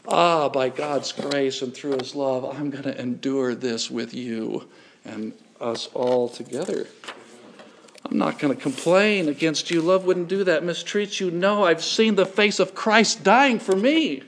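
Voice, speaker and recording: A man's voice: fairly high pitch, a little slow, a bit bright. A middle-aged male pastor preaching a sermon in an earnest way, building to emphatic repetition.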